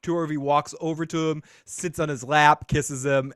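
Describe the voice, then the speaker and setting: A man's voice: a little high, steady tone, measured pace, a bit bright, clear, resonant tone, no echo, studio quality. A man hosting a podcast, casually recapping a TV episode with joking, sarcastic asides. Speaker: podcast host.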